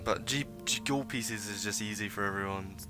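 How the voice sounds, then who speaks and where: A man's voice: on the low side, normal speed. A man running a tabletop game as game master, laid-back, laughing often and swearing casually, with music behind him.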